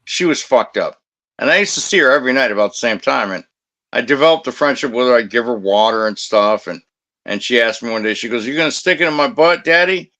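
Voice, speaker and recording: A man's voice: medium pitch, quick pace, bright, forceful tone. A man who used to guard a cemetery tells blunt, profane anecdotes in casual chat. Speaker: former cemetery security guard.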